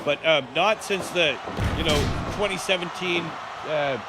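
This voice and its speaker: A man hosting a live stream and calling a wrestling match with bombastic, profane, jokey play-by-play and sudden shouted calls. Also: fairly high pitch, a little slow, over loud music.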